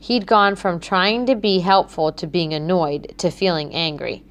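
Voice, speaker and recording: A woman narrating a children's book in a clear, measured storytelling manner. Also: fairly low pitch, steady tone. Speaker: audiobook narrator.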